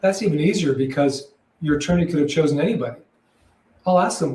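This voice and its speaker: Calm matter-of-fact guy, slightly high voice, sounds a bit away from the mic in a roomy echo. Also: fast talker, recorded from a distance. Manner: calm, matter-of-fact, repeats himself in short phrases. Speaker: probate real estate broker, guest. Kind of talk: conversational interview.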